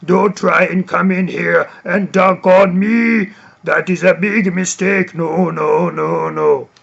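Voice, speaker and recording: A man voicing a towering male basketball shot-blocker with a deep, rumbly, boastful delivery, on slightly dull lo-fi audio. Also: steady tone, slow, gravelly, fairly bright tone, breathy edge, full character voice. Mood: taunting.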